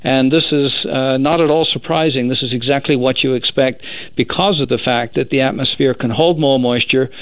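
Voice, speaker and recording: A man's voice: mid-range voice, fairly even intonation, no echo. Male scientist on a tinny phone line. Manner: measured, explanatory, hesitant fillers. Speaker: scientist guest. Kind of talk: explanatory interview answer.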